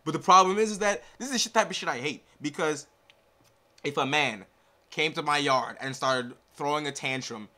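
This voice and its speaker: A man hosts a reaction video with lively, joking commentary. He swears freely, and his voice is bright and high for a man. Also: normal speed. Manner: animated, profane, joking.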